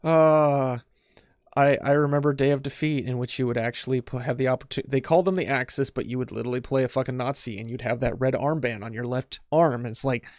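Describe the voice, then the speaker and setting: A man's voice: mid-range voice, brisk, darkish tone, dry recording, studio quality. A man on a casual podcast chat who often restarts his sentences and laughs along. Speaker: podcast co-host.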